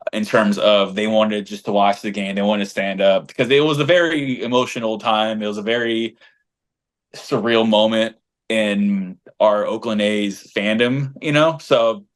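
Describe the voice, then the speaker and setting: A man co-hosting a casual podcast as a fan group leader, telling stories in an animated, blunt and slangy way. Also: fairly low pitch, measured pace.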